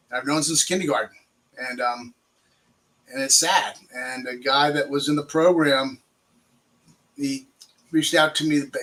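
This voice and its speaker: An older man from Maryland telling his recovery story as an interview guest, halting, with many fillers and restarts. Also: a little high, fairly bright tone, poor audio. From Maryland, USA.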